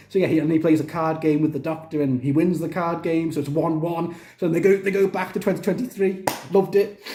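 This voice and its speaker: A man's voice: a little high, warm tone, echoey room. A young man casually reviewing a TV series, enthusiastic and rambling, with frequent restarts. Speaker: TV review vlogger.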